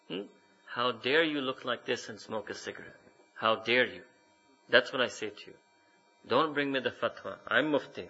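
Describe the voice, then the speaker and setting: A man's voice: on the high side, creaky, sharp tone, breathy edge. A man preaching a sermon as a mufti, scolding his listeners with rhetorical questions and frequent "hmm?". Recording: dull lo-fi recording.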